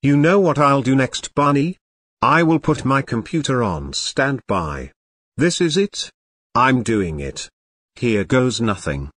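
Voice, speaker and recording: A man voicing a fed-up computer user in a fan-made cartoon, talking in a flat, deliberate way. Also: medium pitch, breathy edge, no room sound, clean studio sound, full character voice. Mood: deadpan.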